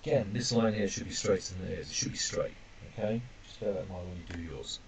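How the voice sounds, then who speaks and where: A man teaching a language lesson while drawing characters on screen, chatty and self-deprecating, calling his viewers ladies and gentlemen. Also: low-pitched, brisk, a crowd in the background.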